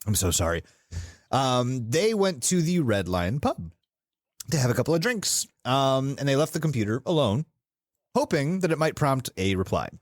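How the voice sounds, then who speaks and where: A man's voice: medium pitch, big pitch swings, normal speed, no room sound, studio quality. A young adult man co-hosting a comedic podcast, telling a story casually with laughs and self-corrections.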